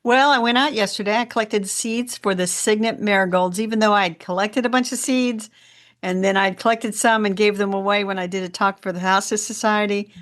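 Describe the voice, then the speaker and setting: A woman from Indiana co-hosting a casual gardening podcast, telling stories in a chatty, animated way. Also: mid-range voice, a little fast. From Indiana, USA. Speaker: podcast co-host.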